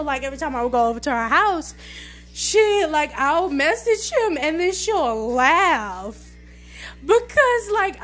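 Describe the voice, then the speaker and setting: A young woman telling a story in a casual podcast monologue, animated and sassy, with lots of fillers. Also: sits high. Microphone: phone voice message.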